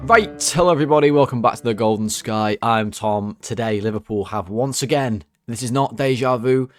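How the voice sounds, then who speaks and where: A young man hosting a football fan channel, ranting casually and swearing, his voice leaping high when he gets worked up. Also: fairly quick, faint music behind. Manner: exasperated, swears, jumps to high excited pitch when worked up.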